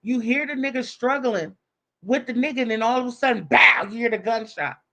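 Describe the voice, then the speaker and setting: A woman's voice: on the high side, a little fast, bright, forceful tone. A woman live streamer telling a story in casual, profane talk, acting out the voices of the people she quotes.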